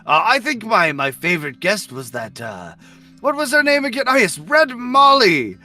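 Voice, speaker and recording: A man voices a pompous old vampire who rambles grandly about his own inventions. His voice is high and very bright, and it leaps all over the place. Behind him runs a faint guitar track. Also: big pitch swings, normal speed, heavily acted. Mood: grandiose. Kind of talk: tabletop role-play in character.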